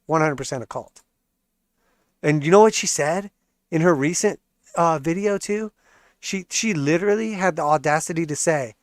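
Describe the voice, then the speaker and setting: Male market livestream host, sarcastic ranter, slightly high voice, dry close mic. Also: moderate pace, fairly bright tone, clean tone, no room sound. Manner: sarcastic, profane, laughs often. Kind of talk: ranting livestream commentary.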